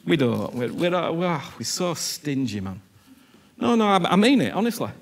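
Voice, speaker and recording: A man preaching a sermon, earnest and animated, repeating himself and often asking whether he is understood. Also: a little high, normal speed, gravelly, slight background noise.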